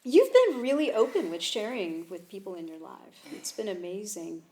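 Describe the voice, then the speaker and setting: A woman's voice: mid-range voice, very animated, normal speed, mellow, rough recording. A woman energy healer in a casual chat, speaking in an earnest, encouraging way.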